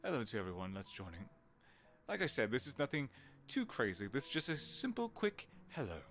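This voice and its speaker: A man's voice: mid-range voice, very animated, a little fast, a bit bright, soft background music. A man in his thirties, a voice actor chatting casually and rambling on a live stream, greeting viewers.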